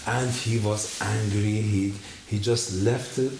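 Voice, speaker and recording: Man, testimony speaker, halting non-native English, animated storytelling, roomy echo with faint hiss. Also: fairly low pitch. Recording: echoey room with faint noise.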